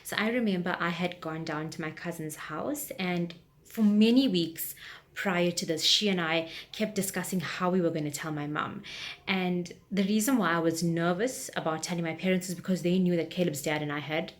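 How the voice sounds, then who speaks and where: A woman's voice: fairly low pitch, moderate pace. A woman, telling a personal story on her vlog in a chatty, rambling, frank way. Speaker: vlogger.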